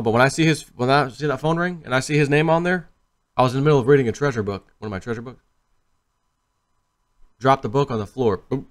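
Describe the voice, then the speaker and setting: A man talks casually to camera in a vlog, rambling and animated, acting out quotes as he tells stories. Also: mid-range voice. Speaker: crypto video host.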